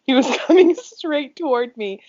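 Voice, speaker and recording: A woman's voice: sits high, lively intonation, normal speed, dark tone, lo-fi sound. A woman with an American accent co-hosting a podcast, chatting casually and reading listener stories aloud, often breaking into giggles. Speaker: podcast co-host.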